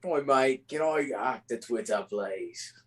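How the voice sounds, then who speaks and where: A man's voice: mid-range voice, expressive, slow pace, fairly bright tone. A man putting on a shaky British accent as a bumbling male hacker. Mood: playful. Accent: put-on British.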